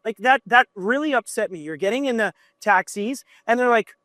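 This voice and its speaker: A man in his thirties, a guest musician, telling stories with animated, fired-up energy in a casual podcast chat. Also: very high-pitched, normal speed, dry recording. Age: 30s.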